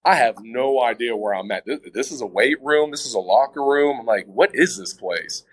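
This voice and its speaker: A man's voice: medium pitch, brisk, low-quality recording. A man being interviewed, telling a personal story in casual chat, often restarting his sentences and talking straight to the listeners. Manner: stammering restarts, addresses listeners as guys. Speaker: interview guest.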